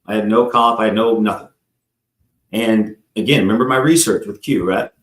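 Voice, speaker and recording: Speaking at a moderate pace in a fairly low, slightly bright voice, a man rambles through his personal story as a live talk show guest. He voices the characters and keeps turning to the host, all captured with a roomy echo.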